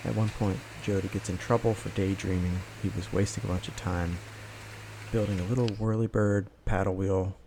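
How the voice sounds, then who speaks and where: A man's voice: deep voice, steady tone, moderate pace, noisy background. A man giving a casual, rambling voice-over for his outdoor vlog, with plenty of filler words. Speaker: vlogger.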